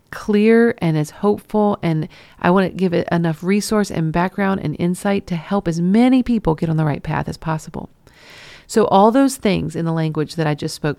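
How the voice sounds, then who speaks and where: A woman's voice: lowish voice, creaky, darkish tone, dry recording. A woman hosting a solo podcast, talking earnestly and encouragingly, with frequent restarts. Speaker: podcast host.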